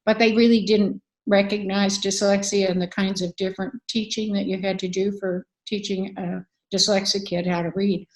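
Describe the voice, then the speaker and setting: A woman's voice: medium pitch, little pitch movement, normal speed, hardly any pauses, poor audio. Older woman guest telling a candid story. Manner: earnest, candid, frequent uh fillers. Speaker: author and advocate guest. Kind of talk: conversational interview storytelling.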